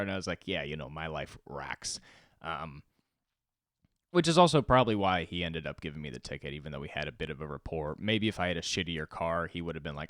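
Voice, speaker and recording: A young man with a very low, smooth voice hosts his own comedy podcast alone. He rambles and swears, jumping from loud outbursts to low mumbles, and the recording is close and dry. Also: fairly quick, dry recording. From Los Angeles. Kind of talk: solo podcast monologue.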